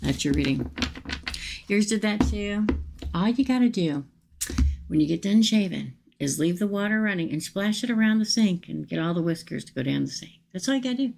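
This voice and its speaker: A chatty woman gives a casual livestream tarot reading. Her voice is low and gravelly with plenty of fry, and she talks to viewers in a folksy, straight-talking way. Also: animated, fairly quick, background noise. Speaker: tarot reader.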